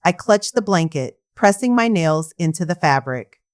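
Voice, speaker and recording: A woman's voice: fairly low pitch, expressive, moderate pace. Woman narrating a dramatic story. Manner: emotional, dramatic reading. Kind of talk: scripted first-person story narration.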